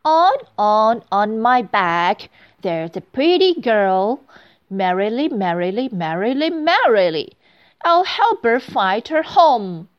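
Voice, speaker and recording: A woman doing a gentle sing-song bluebird. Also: a little high, huge pitch swings, measured pace, hardly any pauses, highs cut off, pitched above the performer's own voice. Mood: cheerful. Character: gentle grateful male bluebird.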